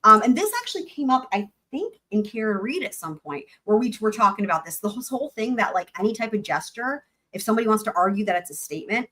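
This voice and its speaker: Woman host breaking down court stuff, chatty, animated, swears a bit. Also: mid-range voice, quick pace, few pauses. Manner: chatty, animated, explains points and swears casually. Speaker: livestream host. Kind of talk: casual legal commentary.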